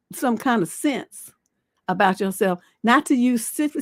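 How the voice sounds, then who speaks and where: A fairly high-voiced middle-aged woman coaching on relationships in a livestream monologue. She talks bluntly and swears freely, acting out sharp comebacks in her stories. The sound is dry and close. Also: no room sound. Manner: blunt, profane, animated storytelling with acted-out retorts.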